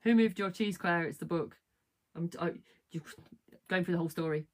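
Woman chatting on a live stream, rambly, keeps going "right?", lowish voice. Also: fairly quick. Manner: chatty, rambling, self-correcting, asks "right?" often. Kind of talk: casual chat retelling a book.

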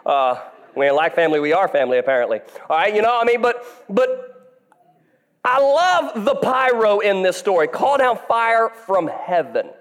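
Man, pastor, joking sermon, higher voice, long hall echo. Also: moderate pace. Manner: playful, joking, animated preacher. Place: church hall.

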